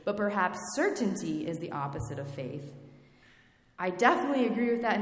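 A woman preaching a sermon in a reflective way, asking her listeners questions. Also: mid-range voice. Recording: echoey hall with long reverb.

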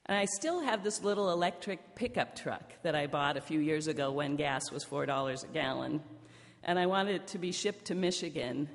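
A woman pastor preaching a sermon, telling a personal story in a conversational way. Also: fairly low pitch. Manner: conversational storytelling, lively in the punchlines. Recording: long hall reverb.

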